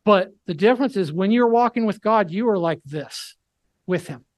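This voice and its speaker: A man preaching a sermon, earnest and emphatic, slowing down to read scripture aloud. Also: high voice, animated, no echo.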